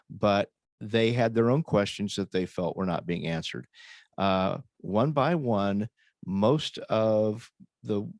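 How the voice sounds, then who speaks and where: A man speaking as a panelist in a casual chat, measured, with dry sarcastic humor. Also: lowish voice, dry recording.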